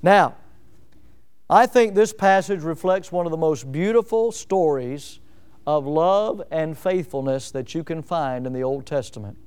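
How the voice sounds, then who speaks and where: A man's voice: a little high, measured pace, a little mellow, clean tone. A man from Northwest Florida preaching a sermon, asking the congregation pointed rhetorical questions and building up emphasis. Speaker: pastor.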